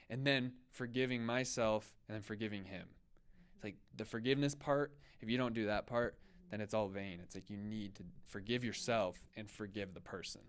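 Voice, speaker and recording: A man's voice: fairly low pitch, clean tone, dry recording, studio quality. A young man co-hosting a podcast, telling a story in a loose, chatty way full of fillers. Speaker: podcast co-host. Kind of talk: casual storytelling chat.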